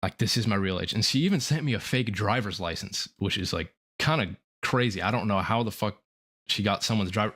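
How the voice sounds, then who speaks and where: Remorseful young man, low voice, halting. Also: fairly bright tone. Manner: remorseful, halting, profane, filler-heavy. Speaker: streamer. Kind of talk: confessional livestream monologue.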